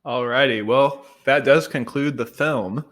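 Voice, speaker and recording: A man's voice: medium pitch, a little slow, a bit bright. A man hosting a movie podcast, guiding the talk with short prompts and dry remarks. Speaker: podcast host. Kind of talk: casual film discussion.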